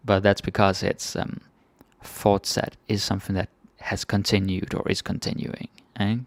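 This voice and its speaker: Gravelly Danish man teaching phrases. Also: on the low side, fairly even intonation, no room sound. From Denmark. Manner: repeats phrases slowly, then explains casually. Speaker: language teacher. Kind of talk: casual language lesson.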